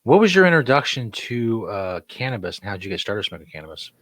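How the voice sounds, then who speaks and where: Brief: male podcast host, lowish voice with lively swings, dry close sound, joking and hesitant. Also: quick pace, no echo. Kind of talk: casual chat.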